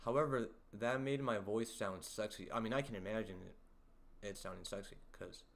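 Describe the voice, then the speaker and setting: A man hosting a livestream, chatting casually and teasing his viewers in a rambling, halting way. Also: fairly low pitch. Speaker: livestream host. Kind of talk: casual livestream chat, reading viewer comments.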